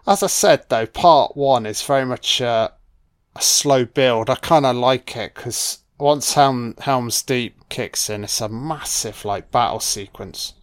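A man riffs casually over a film, laid-back and liberal with his swearing. He talks slowly in a clear, smooth voice of middling pitch. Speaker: film commentator. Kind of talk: casual audio commentary.

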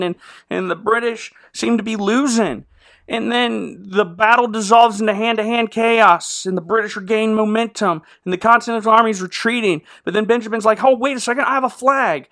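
Sarcastic man with a bright, high voice. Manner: sarcastic, rambling, full of fillers and sound effects. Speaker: podcast host. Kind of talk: casual comedic movie recap.

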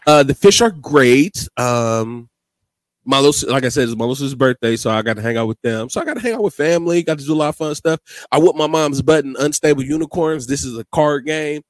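A man hosting a casual podcast, who tells rambling, animated stories and steers the conversation. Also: mid-range voice, fast talker, dry recording. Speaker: podcast host.

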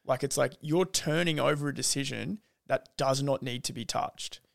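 Gravelly, blunt man. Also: mid-range voice, normal speed, no room sound, clean studio sound. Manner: blunt, sweary, riled up. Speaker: podcast co-host. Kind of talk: casual sports betting chat.

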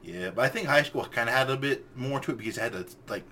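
A man's voice: medium pitch, animated, fast talker, bright, forceful tone, slight background noise. A young man co-hosting a podcast in casual chat, joking, laughing easily and chiming in with memories. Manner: jokey, laughs easily, chimes in. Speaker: podcast co-host.

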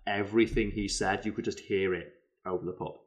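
A British man co-hosting a casual chat, telling stories in an animated way with lots of fillers. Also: fairly low pitch, a little fast. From Britain. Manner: animated storyteller, many fillers. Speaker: podcast co-host.

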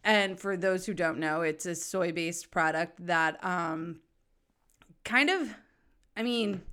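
A woman's voice: on the low side, slow pace, a bit bright, clear, resonant tone. A woman podcast host with a New England accent, chatting casually and cheerfully, swearing now and then, her voice stuffy and nasal from allergies. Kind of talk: casual chat.

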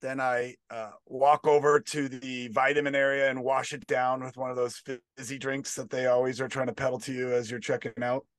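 A man performing a stand-up comedy bit, deadpan with rambling asides. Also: mid-range voice, a little fast, few pauses, dry recording.

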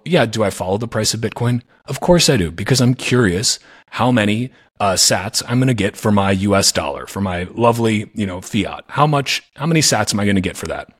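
Male podcast host, low and husky, earnest and reflective, restarts often. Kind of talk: casual podcast conversation.

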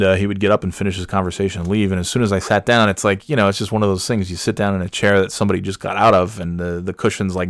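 Man, low voice, dry close sound, casual rambling anecdote, swears a lot, lots of fillers. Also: no echo. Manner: rambling, profane, filler-heavy, growing exasperated. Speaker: storyteller.

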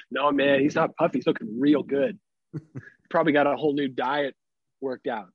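A man in his thirties, a podcast co-host, swearing and laughing as he tells animated stories in casual chat. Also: medium pitch, normal speed, slightly rough, no echo, muffled recording. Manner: animated storyteller, swears a lot, laughs often.

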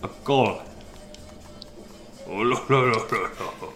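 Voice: medium pitch, takes it slowly. A player at a tabletop game, joking with the table. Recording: roomy echo with music behind.

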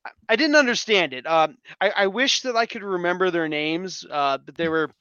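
A man in casual podcast chat, telling stories in an animated way, repeating words and swearing now and then. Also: sits high, normal speed, clean tone, no room sound, muffled recording. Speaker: podcast guest.

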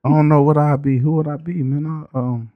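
A man's voice: a little high, steady tone, a little fast, narrow, tinny audio. A young man in casual podcast banter, laid-back and teasing. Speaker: podcast co-host.

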